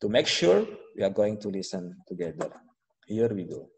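A man teaching an English lesson, explaining slowly with frequent fillers and restarts. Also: fairly low pitch, very animated, long reverb tail, a little hiss or hum, poor audio. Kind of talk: online classroom instruction.

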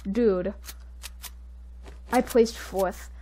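A woman giving excitable live commentary while playing a video game, jumping between panicked outbursts and quiet muttering. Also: mid-range voice, extremely slow. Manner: says "dude" and "frick" a lot. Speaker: gaming video creator.

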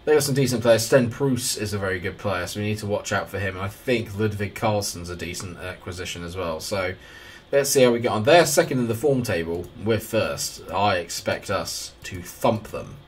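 A man giving casual, excitable commentary over a football management game, with wry asides. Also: on the low side, normal speed, soft background music. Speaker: gaming YouTuber.

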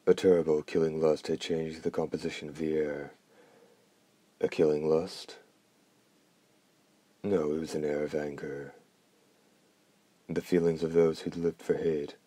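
A man narrating a dark fantasy novel in a measured, grave audiobook reading. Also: rumbling low, no echo.

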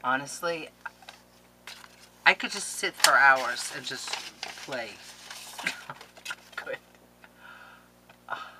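A woman vlogger opening mail on camera in a casual, gushing, excitable way, with quick laughs and whispered asides. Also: extremely low pitch, noisy background. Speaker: scrapbooking vlogger.

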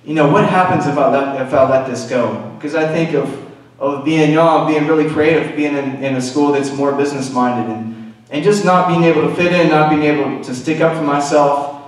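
A man with a slightly high voice preaches in a loose, confessional way, tossing in "you know" as he goes. His voice rings around a big, echoey church hall. It reaches the mic from well off. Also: normal speed, distant mic. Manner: candid, confessional, frequent "you know" asides. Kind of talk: conversational sermon testimony. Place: church sanctuary.

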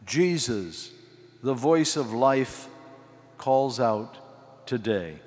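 An older man preaches a homily, breaking his lines into short, deliberate phrases. He speaks very slowly at a middle pitch. His voice rings out with the long reverb of a large cathedral. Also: animated, darkish tone, soft background music. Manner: slow, measured delivery in short phrases. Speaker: archbishop preaching. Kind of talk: sermon.

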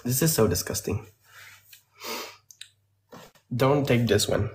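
A man's voice: medium pitch, fairly quick. Young Flemish guy, casual livestreamer, chatty and rambling, swears freely, answers viewer questions into a phone. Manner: chatty, rambling, cursing, with frequent laughs.

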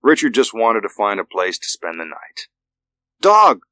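Guy narrating a thriller audiobook, low voice, steady pace, dry sound. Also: moderate pace, dry recording.

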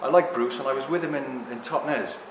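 A man giving a rambling, joking live talk to an audience, speaking loudly without a microphone. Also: mid-range voice, fairly quick. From Greek heritage. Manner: jokey, rambling, loud. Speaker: guest speaker. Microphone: no microphone, room recording. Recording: echoey room with background noise.

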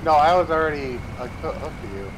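A man playing a truck game with a friend, calmly giving driving advice. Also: a little high, a little fast, noisy background. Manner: calm and helpful, giving driving tips. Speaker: co-op gaming partner. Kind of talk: casual gameplay chat.

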